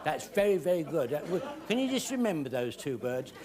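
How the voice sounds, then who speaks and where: A man telling a comic story on stage, shouting officers' orders and getting the audience to shout call-backs. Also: on the high side, sing-song, a little fast, a loud crowd, heavy background noise. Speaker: music hall comedian. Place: theatre stage before a live audience. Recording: music hall stage with audience.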